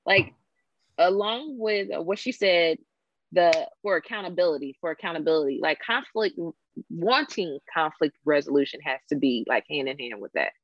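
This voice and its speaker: A woman's voice: sits low, animated, moderate pace, no room sound. A woman chiming in with short comments in a casual comedy chat. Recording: dull, dry, lo-fi.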